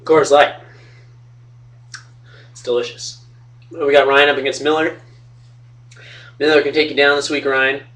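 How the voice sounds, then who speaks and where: A man's voice: a little high, little pitch movement, normal speed, pauses often, a bit bright. A young man running a fantasy football league, talking loosely into a webcam at home, joking and swearing. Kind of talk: casual webcam trash talk and storytelling. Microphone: webcam mic. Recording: distant from the webcam mic.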